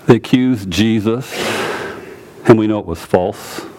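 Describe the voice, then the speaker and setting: A man's voice: fairly low pitch, unhurried. A man preaching a sermon, teaching through a scripture passage and repeating phrases for emphasis. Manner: animated, repeats phrases, quotes scripture in character.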